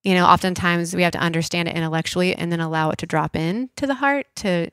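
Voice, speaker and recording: A woman in her thirties shares a deeply personal story as a podcast guest. Her voice sits a little low and sounds dry and close. She leans on "like" and sometimes drops into a soft hush. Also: quick pace, smooth, no room sound. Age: 30s. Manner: emotional, frequent "like" fillers, soft hushed inner voice at times.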